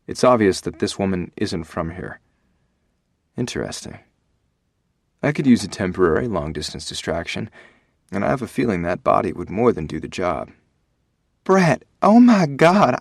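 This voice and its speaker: A man reading a first-person audiobook, expressive and giving voice to the dialogue. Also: sits low, gravelly, dry recording, studio quality. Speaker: audiobook narrator.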